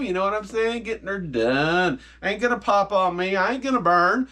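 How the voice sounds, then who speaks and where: A man's voice: high-pitched, huge pitch swings, a little fast, hardly any pauses, fairly bright tone. A man hosting a jokey cooking video in his home kitchen, boasting and hyping up his viewers. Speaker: home cook, vlog host. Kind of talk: comedic cooking vlog.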